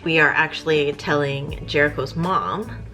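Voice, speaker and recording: A woman, chatting casually and rambling as a vlogger, with soft music behind. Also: low voice, a little slow. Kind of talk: casual chat.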